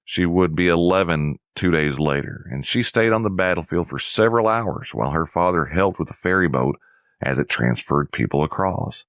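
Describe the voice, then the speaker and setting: A man with an extremely deep, low voice narrates a history lesson in a measured, somber way. The sound is close and dry. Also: animated, fairly bright tone, dry recording.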